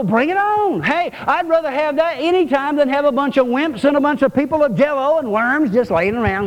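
A man's voice: very high-pitched, lively intonation, a little fast, hardly any pauses, slight background noise. A male pastor preaching a sermon to his congregation, emphatic and repetitive. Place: church. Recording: reverberant church hall.

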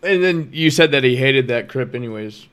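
A man's voice: medium pitch, animated, normal speed, a bit bright, clean tone. Laid-back male podcast co-host. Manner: brief, agreeable interjections. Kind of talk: casual chat.

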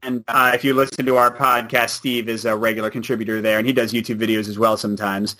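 A man chatting as a podcast guest, animated and laughing often. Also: mid-range voice, quick pace. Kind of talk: casual chat.

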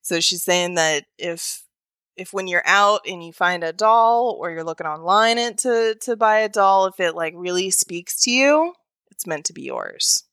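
A woman's voice: lowish voice, a bit bright, smooth, no echo. A woman co-hosting a podcast, chatting casually and joking while she reads out a listener's story. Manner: chatty, joking, quick asides. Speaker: podcast co-host.

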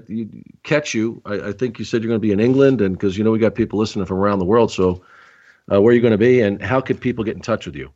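A man's voice: fairly low pitch, a little mellow. A man hosting a podcast, wrapping up an interview in a hesitant way with many fillers. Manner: hesitant, lots of uh. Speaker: podcast host. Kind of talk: casual interview. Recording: muffled lo-fi audio.

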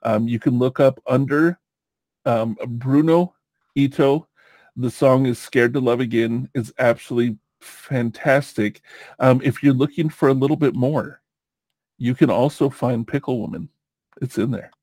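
Podcast host dude, rambly and laughy, dry close sound, mid pitch. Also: male voice, unhurried, darkish tone, no echo. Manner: rambling, laughs easily, many fillers. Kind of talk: casual podcast chat.

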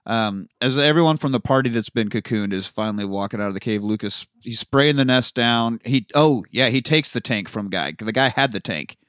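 A podcast co-host recaps a movie in casual, profane chat, animatedly acting out the characters' lines. His mid-range voice runs a little fast with hardly any pauses, and the studio-quality audio has no echo.

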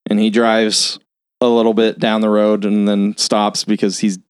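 A man's voice: on the low side, completely flat delivery, unhurried, smooth, dry recording, clean studio sound. A man on a film podcast recapping a plot in a loose, profane, filler-heavy way.

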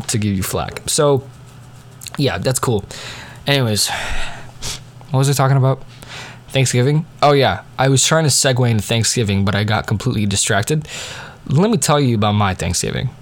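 A teenage boy telling family stories in a casual, rambling monologue full of fillers and digressions. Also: medium pitch. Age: teens. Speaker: diarist.

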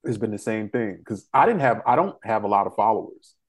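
A man with a low voice that swoops up and down hosts a casual interview. He tells stories in an animated, emotional way and laughs often. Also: a little fast, crowd noise. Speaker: podcast host.

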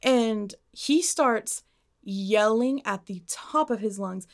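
A young woman co-hosting a podcast, telling a long personal story in casual chat, animated and swearing as she acts out what people said. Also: mid-range voice, takes it slowly. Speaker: podcast co-host.

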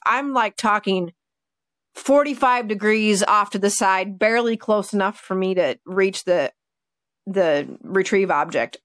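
A woman dog trainer telling stories in a casual podcast chat, animated and full of fillers. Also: mid-range voice, no room sound, studio quality. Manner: chatty, animated, with many fillers like "like" and "you know".

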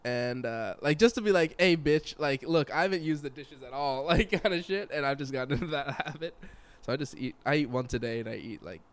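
A man's voice: medium pitch, animated, a little fast, clean tone. A young man guest on a podcast, laid-back and rambling, with lots of "like" and "uh". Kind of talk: casual chat.

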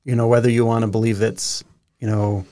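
A man's voice: mid-range voice, level tone, fairly quick, mellow. A man hosting a podcast, talking in a casual, earnest and reflective way. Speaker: podcast host. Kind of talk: casual conversation.

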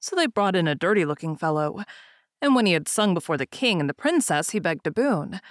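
Fairy-tale reader: woman, lowish voice, calm and even, dry close sound. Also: a little fast, no room sound. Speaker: narrator. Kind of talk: fairy tale read-aloud.

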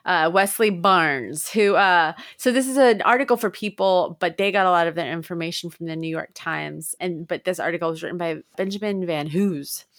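A woman co-hosts a comedy podcast. She tells her stories in a chatty, lively way and gets more animated as she retells them. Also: on the low side, normal speed, hardly any pauses, no echo, studio quality. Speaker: podcast co-host. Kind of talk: casual comedy podcast chat.

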